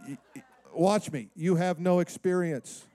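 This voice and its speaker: A pastor preaching a sermon in an animated way, acting out the voices of the people he quotes. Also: high voice, measured pace.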